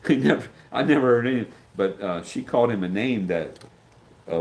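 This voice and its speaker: Expressive and a little fast, this middle-aged man speaks in a medium pitch with a darkish tone, though the audio is poor. Talking casually on a livestream, he reads out viewer comments and responds in a rambling manner. At times he loses his train of thought or acts out the voices of people he quotes.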